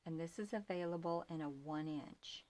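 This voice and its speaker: A woman's voice: low voice, normal speed, darkish tone, a little hiss or hum. An older woman with grandchildren, chatting casually as she shows off ribbons from her shop, often dropping to a near whisper. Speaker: small shop owner showing ribbons. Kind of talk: casual product show-and-tell.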